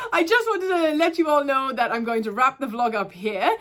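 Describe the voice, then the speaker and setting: Indoors at home, a young female vlogger talks to the camera in a chatty, rambling way, sometimes losing track of what she was saying. Her Australian accent drifts toward Irish, and her voice sits high, a bit bright, at a normal speed.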